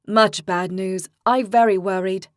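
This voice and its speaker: A woman narrator voicing a male companion who speaks slowly in broken, halting grammar. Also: mid-range voice, steady tone, no room sound, clean studio sound, close to an everyday voice. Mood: worried.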